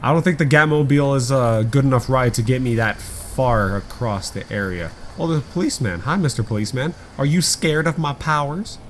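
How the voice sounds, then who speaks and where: A man doing excitable let's play commentary, rambling and swearing often. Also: medium pitch, a little fast, hardly any pauses, slight background noise. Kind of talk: gameplay commentary.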